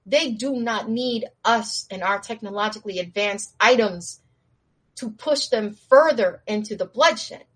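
A woman's voice: medium pitch, unhurried, slightly rough. Woman as a level-headed guardian warrior, patient and down to earth. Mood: earnest. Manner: steady, reasoning, street-casual. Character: calm, wise male warrior guardian.

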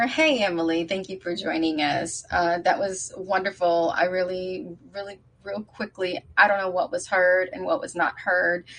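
A woman's voice: fairly low pitch, a bit bright, low-quality recording. A woman on a podcast panel, talking with passion and building one point on another as she breaks down a film's symbolism. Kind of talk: casual discussion.

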